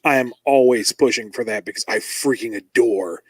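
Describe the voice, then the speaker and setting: A man guesting on a podcast, telling animated stories and acting out quoted dialogue, into a mic on a stand. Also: mid-range voice, normal speed, breathy edge, no echo, poor audio. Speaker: guest, comic book writer. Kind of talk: casual interview chat.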